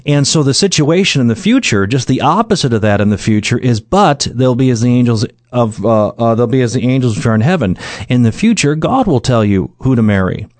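A middle-aged man preaching verse by verse in an earnest, conversational tone, often pausing on "uh" and restarting his sentences. His voice sits at an ordinary male pitch. The sound is close and dry, with no room echo. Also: animated. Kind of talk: sermon, verse-by-verse Bible exposition.

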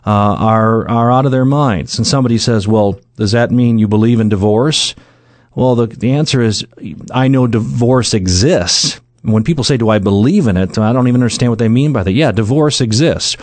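A man's voice: medium pitch, a little mellow, dry recording. Man, middle-aged, preacher, sermon, earnest, conversational, filler-heavy, dry close recording. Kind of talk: sermon, verse-by-verse Bible exposition.

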